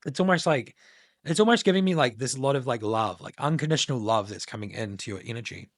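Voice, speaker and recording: A man's voice: medium pitch, expressive, fast talker, dry recording, clean studio sound. A man giving a casual collective tarot reading to his channel viewers, musing loosely with many filler words. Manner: meandering, many filler likes, intuitive musing. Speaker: tarot reader.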